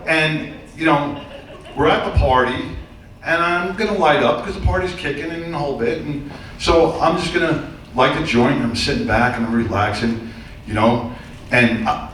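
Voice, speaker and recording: A man's voice: on the high side, moderate pace, fairly bright tone. A middle-aged man performing a stand-up comedy routine on a theater stage, telling loose, rambling stories with crude punchlines. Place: theater stage before a live audience. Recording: very echoey, distant room sound with faint noise.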